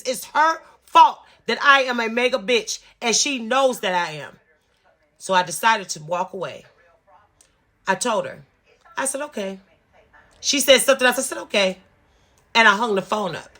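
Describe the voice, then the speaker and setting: A vlogger in her fifties delivers a storytime rant to her viewers, swearing freely and repeating points for emphasis. Her bright, sharp voice sits on the high side, and her delivery is emphatic and insistent.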